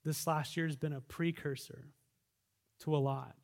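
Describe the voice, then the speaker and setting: A pastor preaching a sermon, swinging between loud fervent exhortation and quiet reflective asides. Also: male voice, a little high, steady tone, normal speed, gravelly. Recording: long reverb of a large hall.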